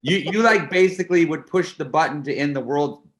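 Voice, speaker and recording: A man guest in a casual interview, teasing his friend with emphatic, animated delivery. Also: on the high side, a little fast.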